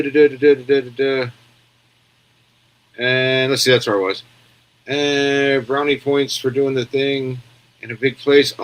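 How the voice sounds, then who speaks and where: A man's voice: mid-range voice, fairly bright tone. A man hosting a casual news commentary stream, rambling bluntly and answering viewer comments as he goes. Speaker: commentary show host.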